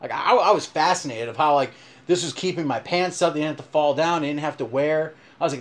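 Casting: chatty podcast man, slightly high voice, animated storyteller. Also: fast talker. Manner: animated, rambling, full of "like". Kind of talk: casual storytelling chat.

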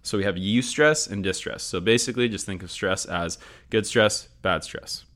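This scripted educational talk on sport and performance psychology is led by a man whose voice sits fairly low and sounds a bit bright. He speaks at a moderate pace, stays upbeat, and circles back to his key points.

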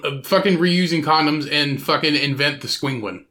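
A man's voice: fairly high pitch, normal speed, sharp tone. A man co-hosting a podcast in crude casual chat, dropping dry, teasing wisecracks. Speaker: podcast co-host.

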